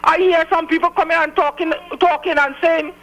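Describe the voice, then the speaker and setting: A man's voice: very high-pitched, fairly even intonation, fairly quick, sharp tone, muffled recording. A man with a Trinidad and Tobago accent from Tobago, calling in to a talk radio show and ranting fiercely, repeating his points. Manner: fiery, repetitive ranting. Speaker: radio caller.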